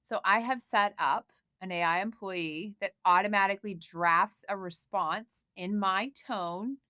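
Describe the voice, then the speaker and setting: A woman's voice: medium pitch, unhurried, pushed and bright, no room sound, clean studio sound. A woman guest on a podcast, explaining things in a friendly way and often quoting imagined voices. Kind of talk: casual podcast chat.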